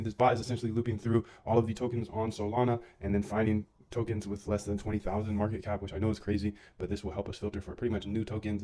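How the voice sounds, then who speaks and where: A man with a fairly low voice talks loosely through a live coding stream, full of slang and side comments to his chat. He chews food between lines while he works at his desk. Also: a little mellow. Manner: eating while talking. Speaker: livestreaming coder and trader.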